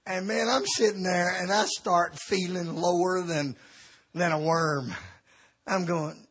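A middle-aged evangelist preaches through a funny personal story, his husky voice sitting a little high for a man. He bounces between loud outbursts and hushed, sheepish asides as the tale unfolds. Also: slow pace. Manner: animated comic storytelling, swings from shouting to quiet. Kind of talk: storytelling sermon.

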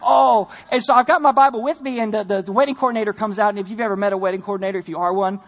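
Fast-talking man telling a sermon story. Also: high-pitched. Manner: storytelling, animated, self-deprecating. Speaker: preacher. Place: church sanctuary.

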